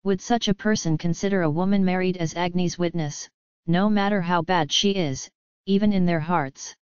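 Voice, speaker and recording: A woman's voice: fairly low pitch, moderate pace, clear, resonant tone, no echo, lo-fi sound, close to an everyday voice. A woman reading the part of a loyal older male king in an audiobook, earnest and pleading.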